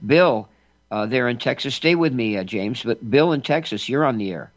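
A man's voice: mid-range voice, lively intonation, moderate pace, dry recording, highs cut off. A man hosting a political radio talk show, emphatic with folksy asides.

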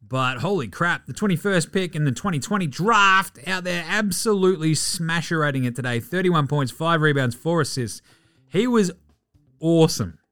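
An Australian man hosting a sports podcast, animated and profane, mocking players with mock outrage. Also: on the high side, normal speed. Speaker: podcast host.

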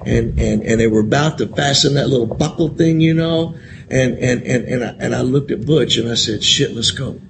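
A man's voice: medium pitch, moderate pace, gravelly, background noise. A man telling his recovery story to a convention audience, candid and profane, talking straight to the crowd and repeating phrases for emphasis. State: emotional at times. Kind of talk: personal recovery share to an audience.

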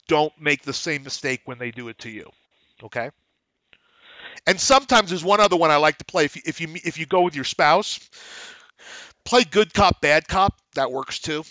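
A man teaching on a podcast, with a bright, forceful voice pitched a little high. He talks in a blunt, emphatic way and slips into little acted-out dialogues. The sound is close and dry. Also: moderate pace, dry recording. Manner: lively, acts out dialogues in different voices. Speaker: podcast host teaching real estate investing. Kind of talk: instructional podcast talk.

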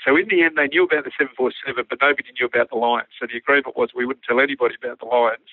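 On a narrow, phone-like, dry radio line, a former army pilot with an Australian accent races through a lively anecdote. His medium-pitched yarn-spinning is animated, and he acts out the quoted dialogue.

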